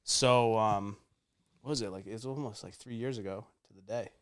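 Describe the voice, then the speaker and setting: A man's voice: fairly low pitch, moderate pace. A young man hosting a podcast, telling a casual story with lots of fillers, rambling and laughing through punchlines. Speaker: podcast host.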